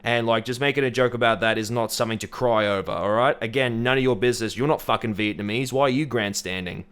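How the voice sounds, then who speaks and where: A man with an Australian accent delivers opinionated commentary in a blunt, sweary rant. His voice is smooth and clear, sitting at an everyday middle pitch. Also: fast talker, a bit bright. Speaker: commentary YouTuber.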